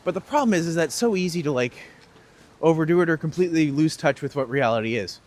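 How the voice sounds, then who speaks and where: A man's voice: a little high, expressive, quick pace, a little mellow. Joking man on a walking tour. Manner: casual, joking, reads out and answers chat questions. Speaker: tour guide. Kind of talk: live-streamed walking tour chat. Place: outdoors on cold city streets.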